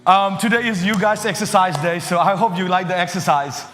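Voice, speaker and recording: Brief: high-voiced male children's preacher, lively and halting, in an echoey hall. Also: soft background music. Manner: animated, halting, non-native phrasing. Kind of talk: energetic children's sermon.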